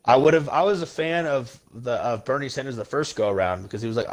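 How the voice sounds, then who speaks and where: Guy ranting on a podcast, swears a lot, blunt and heated, middle pitch. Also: quick pace. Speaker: podcast host. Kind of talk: casual political rant.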